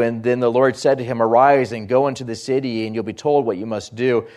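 A man preaching a sermon, reading scripture aloud and explaining it earnestly, rising for emphasis and dropping low at phrase ends. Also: a little fast, few pauses, darkish tone. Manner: rises in pitch and volume for emphasis, drops low at phrase ends.

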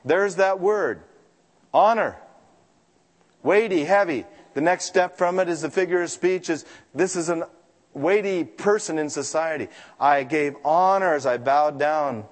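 A man preaching a sermon in an emphatic, animated way, breaking into dramatic asides. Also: on the high side. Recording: long hall reverb.

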